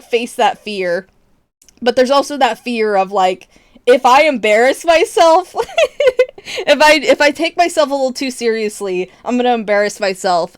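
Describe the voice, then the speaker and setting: A young adult woman streamer chatting casually with her viewers, expressive and laughing often, with casual swearing. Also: on the high side, smooth, no room sound, clean studio sound.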